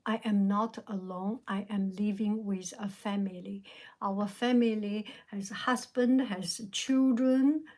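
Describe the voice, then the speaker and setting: A middle-aged woman with a Chinese accent, softly whispering her answers to a live chat outdoors in a park. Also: medium pitch, husky. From China. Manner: soft, slow, reflective, answers viewer questions. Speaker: livestream host answering chat.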